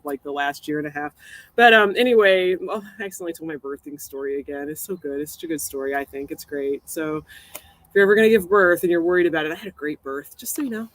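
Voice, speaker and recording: A woman's voice: low-pitched, no echo, rough recording. A woman in her forties from Missouri, a poet hosting a live stream in rambling, casual chat with frequent laughs and a poem read aloud. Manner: rambling, chatty, laughs often.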